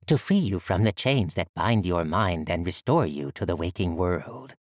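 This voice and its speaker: A man's voice: deep voice, animated, no echo, clean studio sound. A man voicing an eerie whispery spirit. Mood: ominous. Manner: whispery, slow and grandiose. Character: eerie one-eyed floating spirit, giggling, odd. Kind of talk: audiobook character voice.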